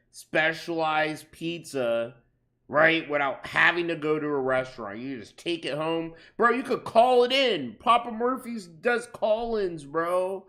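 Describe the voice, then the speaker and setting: A man's voice: on the high side, a bit bright. A young man doing casual reaction commentary on a stream, crude and profane as he rambles through stories.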